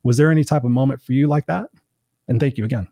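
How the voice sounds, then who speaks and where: Quick blunt guy, coach telling his story, cusses a bit, dry close sound. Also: mid-range voice, creaky, mellow, no room sound, muffled recording. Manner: blunt, swears casually, vivid anecdotes. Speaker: guest, life coach and professional speaker. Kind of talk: candid storytelling in a podcast interview.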